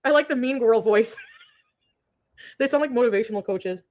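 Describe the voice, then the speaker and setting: A woman's voice: a little high, normal speed, darkish tone. A woman co-hosting a casual online chat, playful and giggly, joking around. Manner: playful, giggly, jokey voice imitations. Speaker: co-host.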